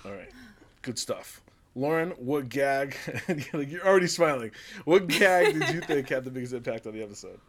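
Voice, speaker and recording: A man hosting a casual podcast game round, upbeat and quick to laugh. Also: mid-range voice, animated. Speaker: podcast host running a quiz round.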